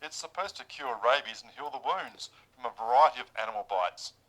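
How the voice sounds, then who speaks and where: A man's voice: medium pitch, wildly swooping pitch, fairly quick, vocal fry, fairly bright tone, poor audio. An Australian man co-hosting a radio show, reading odd news stories aloud and stumbling over the words. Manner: stumbling, tongue-tied reading, dry comebacks. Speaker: co-host reading news items.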